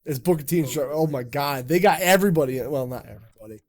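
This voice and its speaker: A man's voice: fairly high pitch, fast talker, a little mellow. A man hosting a live stream chat in a rambling, jokey way, swearing often. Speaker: streamer and podcast host. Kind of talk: casual chat.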